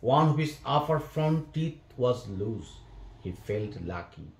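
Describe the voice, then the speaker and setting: A man slowly reading a story aloud for a lesson, halting now and then and clearing his throat. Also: mid-range voice, animated. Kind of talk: slow classroom read-aloud of a story. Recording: echoey room.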